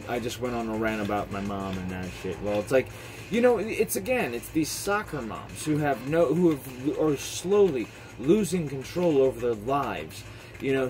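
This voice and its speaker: A man's voice: medium pitch, low-quality recording. A man vlogging an angry, profane rant, heated and repetitive, swearing often.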